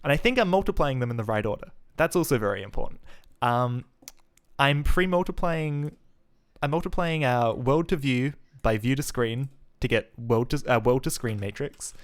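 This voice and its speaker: A man's voice: medium pitch, moderate pace. A man from Adelaide with a mild South Australian accent, chatting casually with viewers while thinking aloud through code on a live stream, with frequent fillers and restarts.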